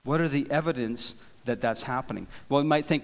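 A man preaching a sermon, telling a folksy story in a relaxed, conversational way, with frequent restarts and repeated words. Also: medium pitch, brisk, few pauses. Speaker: pastor. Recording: long hall reverb.

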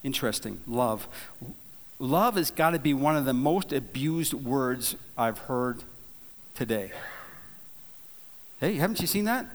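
A man's voice: mid-range voice, lively intonation, unhurried, pauses often. Folksy preacher man in a reverberant hall. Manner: conversational, folksy storytelling with repeated restarts. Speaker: pastor. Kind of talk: sermon.

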